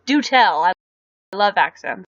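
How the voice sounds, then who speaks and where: A woman's voice: mid-range voice, big pitch swings, normal speed, a bit bright, no room sound, muffled recording. A woman hosting a live stream, rambling casually and answering viewer comments aloud.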